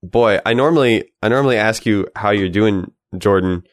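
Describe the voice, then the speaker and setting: A man's voice: on the low side, normal speed, dry recording, clean studio sound. A man hosting a podcast, chatting in an upbeat, joking way. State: recovering from a cold. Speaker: podcast host. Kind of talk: casual podcast chat.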